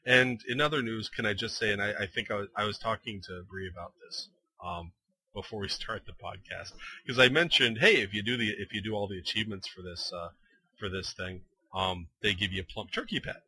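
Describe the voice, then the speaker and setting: A man's voice: lowish voice, fairly quick. A man co-hosting a casual gaming podcast, telling stories with lots of laughter and acted-out quotes. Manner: animated storyteller, laughs often, acts out quoted lines. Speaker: podcast co-host. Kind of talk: casual chat.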